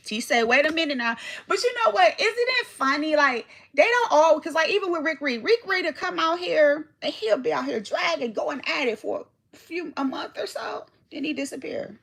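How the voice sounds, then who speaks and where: A woman talking on her own livestream in a high, bright voice. She rambles casually and swears often, calling out viewers by name and losing her thread now and then. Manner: chatty, rambling, reads chat aloud, swears freely. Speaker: livestream host.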